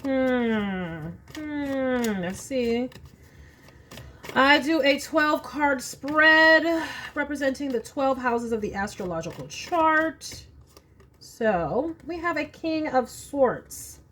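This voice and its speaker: A woman's voice: high voice, animated, takes it slowly, sharp tone, slight background noise. A woman reading tarot cards at home in a casual, chatty way, thinking aloud as she draws each card. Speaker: tarot reader.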